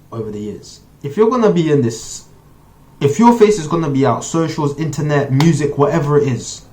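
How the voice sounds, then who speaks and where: A young man, reacting to a track in slangy, emphatic casual commentary. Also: on the high side. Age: 20s. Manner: emphatic, slangy, bursts of excitement. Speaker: reaction video host.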